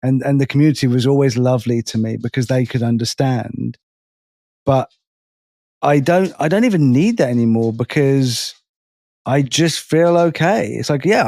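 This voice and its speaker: A man co-hosting a podcast, talking casually in halting restarts and swearing freely. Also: medium pitch, mellow, no echo. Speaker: podcast co-host.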